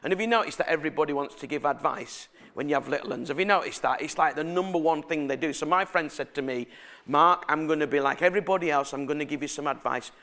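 Speaking fast with a fairly high pitch, a middle-aged man gives a sermon. He tells family stories in an animated, conversational style and asks his congregation questions.

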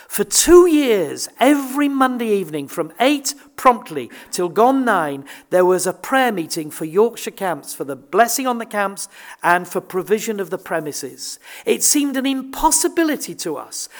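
Older man preaching; earnest, emphatic, stumbles and restarts as he presses his point. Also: sits high. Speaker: visiting preacher. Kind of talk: sermon.

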